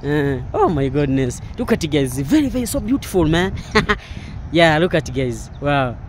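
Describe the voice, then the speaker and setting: Man, slightly high voice, gushing walking-tour vlogger. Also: moderate pace, slight background noise. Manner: excited, repetitive exclamations; non-native English, broken grammar. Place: outdoors in a park.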